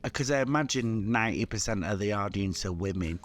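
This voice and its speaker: A man's voice: on the low side, animated, a little fast. A man co-hosting a comedy podcast, chatting casually in a frank, blunt way. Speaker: podcast co-host.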